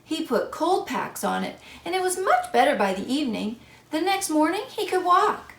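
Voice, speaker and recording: Woman as a kindly fussing groundhog, storybook voice, lively, raised pitch, bit of grit. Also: normal speed, vocal fry, echoey room, exaggerated voice. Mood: concerned, advising. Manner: earnest, fussing, helpful. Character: kindly fussy male groundhog giving advice.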